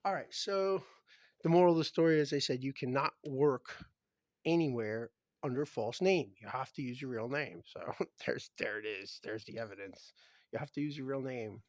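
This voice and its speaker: A man's voice: normal speed, no echo. Rambling man showing off his gear. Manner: rambling, meandering, often trailing into low murmurs. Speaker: hobbyist showing his guitar pedals. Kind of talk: casual show-and-tell vlog.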